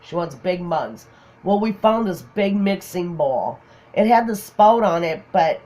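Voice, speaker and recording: A woman's voice: mid-range voice, lively intonation, measured pace, dark tone. Woman, middle-aged, casual storytelling, leisurely pace, laughs a lot, acts out quotes. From Minnesota, USA. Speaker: crafting channel host.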